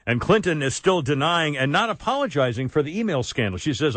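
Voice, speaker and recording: A man's voice: a little high, sing-song, fairly quick, fairly bright tone, no echo. A man hosting a talk radio show, wisecracking and laughing at his own jokes, with a frog in his throat. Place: radio studio. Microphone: studio microphone.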